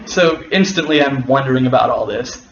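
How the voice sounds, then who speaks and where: A man, a guest on the video, telling a personal story in a casual, wry, unhurried way. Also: mid-range voice. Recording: roomy, dull and slightly noisy.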